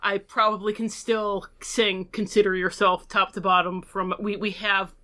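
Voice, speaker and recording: Bright bubbly woman co-host. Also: mid-range voice, measured pace. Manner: bubbly, expressive, laughs a lot. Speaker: podcast co-host. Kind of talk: casual podcast chat.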